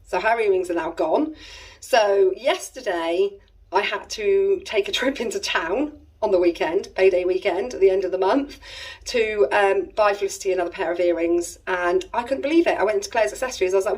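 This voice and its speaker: English woman in her thirties, family vlogger, chatty and rambling, breathy tone, sits a bit back from the mic. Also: mid-range voice, normal speed, darkish tone. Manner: chatty, rambling, exasperated asides. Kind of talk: casual storytelling to camera. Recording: voice a little distant from the mic.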